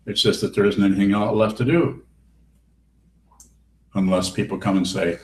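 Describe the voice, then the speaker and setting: A man's voice: lowish voice, fairly even intonation, moderate pace, pauses often, darkish tone. A man giving a Buddhist dharma talk and answering questions in a blunt, wry, teasing way. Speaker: Buddhist teacher. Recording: roomy hall with faint background hiss.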